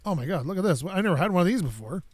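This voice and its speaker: High-voiced chatty man streaming a game. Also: lively intonation, racing, darkish tone, breathy edge, dry recording. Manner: rambling, chatty, talks to himself and chat. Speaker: gaming streamer. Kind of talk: casual gameplay commentary.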